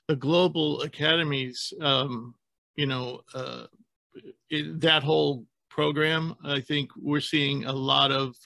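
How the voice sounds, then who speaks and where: Gravelly, bright-voiced man hosting a podcast. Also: fairly high pitch, no room sound. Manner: rambling, self-correcting, laughs easily. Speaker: podcast host. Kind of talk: casual sports podcast chat.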